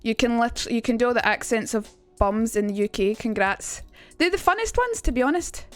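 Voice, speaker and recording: A young woman talks through a casual livestream lesson, quick to poke fun at herself and swear. Her voice sits high, and soft music plays faintly behind her. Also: fairly even intonation, smooth. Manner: chatty and self-mocking, swears freely. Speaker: streamer teaching accents.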